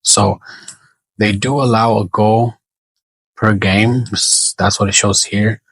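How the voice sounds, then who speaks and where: A man talks through his betting picks in a slow, unhurried way, with a gravelly, husky voice. He thinks aloud, hesitates and corrects himself often. The sound is dry and close. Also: on the low side, steady tone, fairly bright tone, no echo, rough recording. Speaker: sports betting predictor. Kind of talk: casual solo prediction talk.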